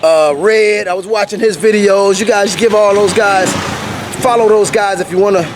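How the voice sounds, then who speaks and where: A man telling his life story in a casual, animated vlog while walking uphill outdoors, slightly out of breath and laughing now and then. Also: high-pitched, moderate pace, noisy background. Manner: animated, laughs often, acts out what people said. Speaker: vlogger.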